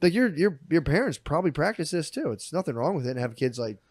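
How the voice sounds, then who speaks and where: High, lively man laughing through stories. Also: fast, no room sound, clean studio sound. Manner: laughs often, acts out quoted voices. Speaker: podcast co-host. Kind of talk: casual comedic chat.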